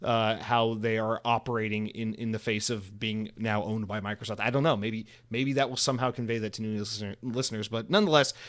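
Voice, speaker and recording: A man's voice: on the low side, steady tone, brisk, few pauses, a bit bright. A man in his thirties hosting a solo podcast alone, rambling casually with sarcastic, profane asides.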